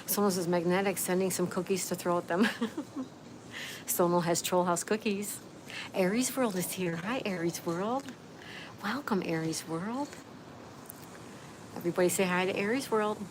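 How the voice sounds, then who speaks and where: Hosting a relaxed livestream outdoors with a view, a woman with a fairly low voice reads comments aloud and replies to each viewer by name. She speaks at a measured pace with long pauses, her tone easy and friendly, while clear outdoor noise runs underneath.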